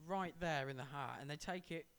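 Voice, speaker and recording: A man's voice: a little high, fairly quick, a bit bright. A man co-hosting a casual podcast, laying out his opinions in long, lecturing explanations. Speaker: podcast co-host. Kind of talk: casual chat.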